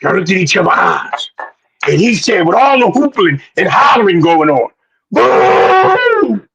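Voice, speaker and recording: Loud gravelly man hyping boxing talk. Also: high-pitched, big pitch swings, moderate pace, muffled recording. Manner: loud, preachy, slangy, breaks into song and shouts. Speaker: podcast co-host.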